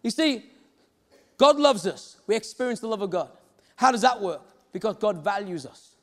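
A man's voice: high voice, expressive, normal speed, fairly bright tone. A man preaching a sermon, telling stories and acting out the voices of the people in them. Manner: storytelling, acts out quoted voices. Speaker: pastor. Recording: reverberant hall.

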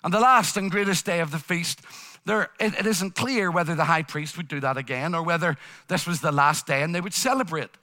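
Guy preaching hard, high ringing voice, keeps repeating lines for effect. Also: a little fast, bright, forceful tone. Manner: impassioned, repetitive preaching cadence. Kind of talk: sermon.

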